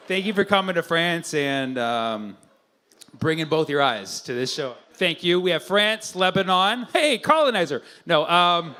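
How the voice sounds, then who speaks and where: A male stand-up comedian doing profane, fast crowd work on a club stage, bursting into shouted mock voices. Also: high voice.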